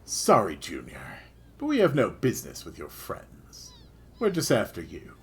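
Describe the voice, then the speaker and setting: A man voicing a stern male knight commander who speaks low and threatening. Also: wildly swooping pitch, a little slow, breathy edge, full character voice.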